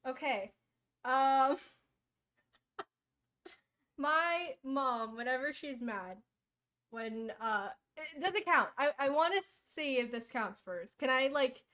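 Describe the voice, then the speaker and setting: A woman's voice: high-pitched, animated, slow, long pauses, bright, forceful tone. A woman chatting on a live stream, giggly and hesitant, often trailing off. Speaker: stream guest. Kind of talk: casual live-stream banter.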